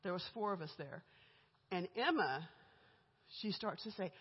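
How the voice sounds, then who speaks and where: A middle-aged woman, a guest speaker, shares a candid, chatty church testimony about her own life in a church sanctuary, laughing between lines. Her voice sits on the low side and is husky and expressive, moving at a measured pace. The recording is muffled, with the echo of a church hall.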